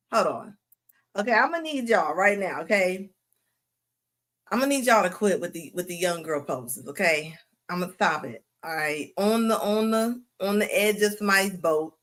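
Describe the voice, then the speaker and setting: A woman hosting a livestream, giving mocking reaction commentary with frequent laughter. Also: medium pitch. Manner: laughing mocking banter, drawn-out asides. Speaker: host.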